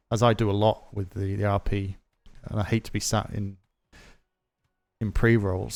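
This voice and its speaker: Guy streaming at home, lowish voice, rambly chat w lots of ums. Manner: rambling, chatty, many fillers. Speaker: livestreamer. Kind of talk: casual chat to stream viewers. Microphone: mic through a desk audio mixer.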